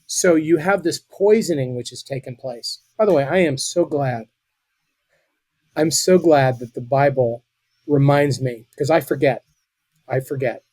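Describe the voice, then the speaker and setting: An American man in middle age talks with earnest passion on a podcast. His voice is husky and the sound is dry and close, with little room echo. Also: medium pitch, unhurried, a little mellow. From United States. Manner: earnest, impassioned, with frequent restarts. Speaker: podcast guest. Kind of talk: political commentary in a podcast conversation.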